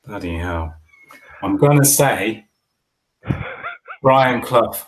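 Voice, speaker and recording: A man co-hosting a podcast, chatting casually and telling a story with animated asides. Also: lowish voice, extremely slow, a little hiss or hum. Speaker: podcast co-host. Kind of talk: casual chat.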